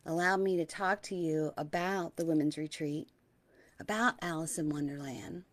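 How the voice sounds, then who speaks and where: A middle-aged woman with a lowish voice gives a soft-spoken spiritual talk. She is gentle and dreamy, and she stretches out her key words. Now and then she sinks into a breathy hush. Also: normal speed, dry recording. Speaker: spiritual teacher and host.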